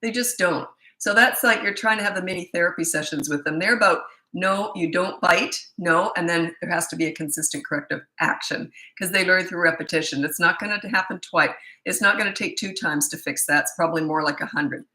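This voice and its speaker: A woman's voice: lowish voice, fast, few pauses, pushed and bright, echoey room, rough recording. A middle-aged woman, a parenting coach answering viewer questions live, blunt and incredulous, often laughing and mocking the questions.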